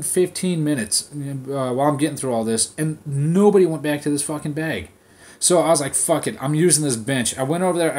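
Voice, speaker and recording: A man hosting a podcast, ranting in a casual, profane style and telling an animated story, recorded on his phone. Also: fairly high pitch. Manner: swears constantly, animated storytelling. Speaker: podcast host.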